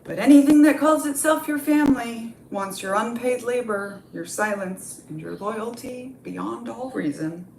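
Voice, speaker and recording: A woman's voice: a little high, measured pace, vocal fry, few pauses, echoey room, noisy background, pitched above the performer's own voice. A woman voicing a cold, prophetic elderly queen in a solemn manner.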